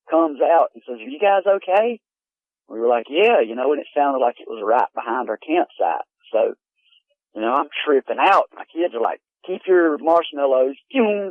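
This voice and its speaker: A man casually telling a story about a night at a campsite, rambling and excited, saying "man" and "dude". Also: mid-range voice, dry recording. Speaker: caller telling a camping encounter. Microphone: telephone. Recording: tinny phone line.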